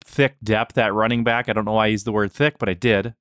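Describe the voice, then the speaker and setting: A man's voice: on the low side, fairly even intonation, fast talker, fairly bright tone, no echo, clean studio sound. A man co-hosting a podcast in casual chat, joking and self-deprecating, hesitating with fillers. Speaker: podcast co-host.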